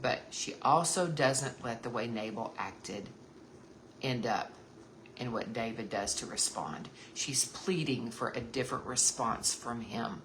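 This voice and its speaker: A woman's voice: very deep voice, a little slow, fairly bright tone, slight background noise. A woman giving earnest, emphatic devotional Bible teaching to other women, repeating key points and calling them sisters. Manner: addresses listeners as sisters.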